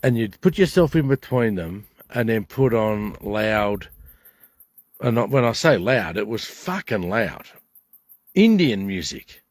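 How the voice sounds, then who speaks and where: A man's voice: fairly low pitch, very animated, measured pace, no echo, studio quality. An older Australian man ranting to camera at a bush campsite, indignant and rambling, swearing heavily. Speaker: vlogger. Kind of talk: angry rant to camera.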